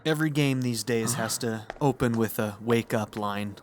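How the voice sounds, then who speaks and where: A man's voice: mid-range voice, moderate pace, noisy background. A man in his thirties giving joking, casual commentary while he plays a video game. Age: 30s. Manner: joking, wry running commentary. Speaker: game streamer.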